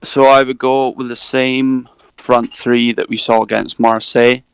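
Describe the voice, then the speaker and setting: A man on a fan phone-in, thinking aloud and pausing as he goes. His voice is gravelly but resonant. The recording is dry. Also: mid-range voice, level tone, no room sound, rough recording. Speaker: caller. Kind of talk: casual phone-in chat.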